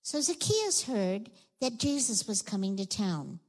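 A woman leading a children's sermon, telling a Bible story in an animated way and asking the kids questions. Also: medium pitch, a little slow, low-quality recording.

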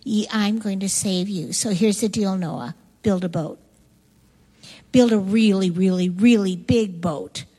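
A woman's voice: mid-range voice, measured pace, warm tone, slightly rough, big-room sound, low-quality recording. A woman voicing God as a firm, solemn male figure in a children's Bible story. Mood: earnest. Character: stern weary God, male, deep-voiced.

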